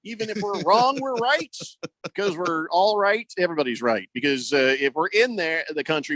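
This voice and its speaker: A man's voice: a little high, a little fast, no room sound. A man hosting a sports radio show, chatting casually and joking in playful bits. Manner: joking, animated, playful voices. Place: radio studio. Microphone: studio microphone.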